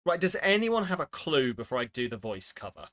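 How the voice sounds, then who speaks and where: Chatty man with lively pitch. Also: fairly quick. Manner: chatty, swears freely, talks to chat. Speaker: streamer. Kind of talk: casual live-stream chat while playing word games. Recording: faint music behind.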